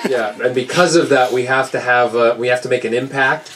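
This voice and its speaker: A man with an American accent, mid-range in pitch, answers questions from the floor at an indoor book signing. He tells stories with a joking, animated energy. A busy crowd chatters behind him. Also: brisk. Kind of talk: casual audience Q&A.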